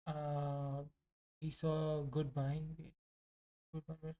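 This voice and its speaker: Mellow-voiced man rambling about trades. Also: a little high, completely flat delivery, drawn-out words. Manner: rambling, joking and self-mocking. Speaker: day trader reviewing his trades. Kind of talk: casual live trading commentary.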